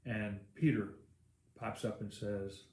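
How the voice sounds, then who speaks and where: A man's voice: lowish voice, flat delivery, slow, a little mellow. A male pastor preaching a sermon, telling the story in a casual, rambling way with many fillers. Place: church. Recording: echoey church room.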